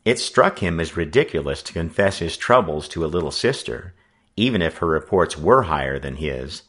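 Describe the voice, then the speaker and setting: Deep-voiced man reading a storybook aloud, voice rising and falling a lot. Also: lively intonation, normal speed, a bit bright, breathy edge. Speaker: audiobook narrator. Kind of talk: scripted narration.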